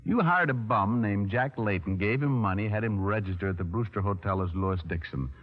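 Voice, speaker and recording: In a 1940s radio drama, a man with a lowish voice plays a cocky, wisecracking private detective, speaking fairly quickly with a light acting touch. He sounds teasing but accusing, and the old broadcast comes through muffled.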